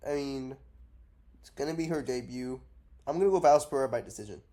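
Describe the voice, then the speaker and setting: An MMA predictions vlogger talks quickly in a warm, medium-pitched voice, offering casual, unscripted fight picks. He rambles, blunt and profane, sounding unwell and drowsy from cough syrup.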